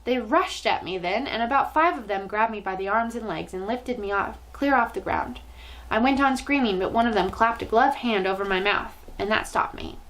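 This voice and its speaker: A woman reading a children's novel aloud with expressive, dramatic storytelling. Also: medium pitch, moderate pace, rough recording.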